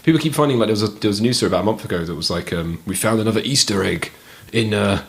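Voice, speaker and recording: A man's voice: fairly low pitch, very fast, creaky, a little hiss or hum. A man co-hosting a podcast, chatting casually about video games and often laughing through his own anecdotes. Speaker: podcast co-host.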